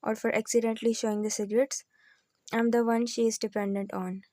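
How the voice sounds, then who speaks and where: A woman reading a novel aloud in the first person, with calm, even storytelling. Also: on the high side, brisk, no echo. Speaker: audiobook narrator.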